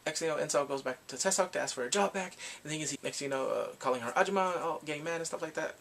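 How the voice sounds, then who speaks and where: A man giving a rambling, excitable casual recap of a TV drama, reacting with gasps and quoted asides. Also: on the high side, very fast, creaky. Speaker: drama reviewer.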